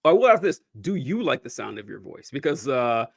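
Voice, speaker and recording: A male podcast host talks in a middle-pitched voice, animated and chatty, tossing in quick asides as he goes. His sound is close and dry, with no echo around it. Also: creaky, breathy edge. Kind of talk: casual podcast conversation.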